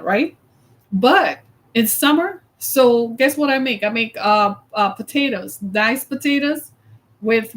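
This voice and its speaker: Chatty, opinionated woman host. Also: a little high. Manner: chatty, opinionated, tags sentences with "right?"; laughs often. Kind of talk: casual live-stream chat.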